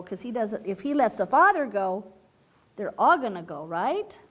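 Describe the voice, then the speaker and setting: A woman reading a picture book aloud to a group of children, playful and animated, stopping often to ask them questions. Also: a little high, moderate pace. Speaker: children's storyteller.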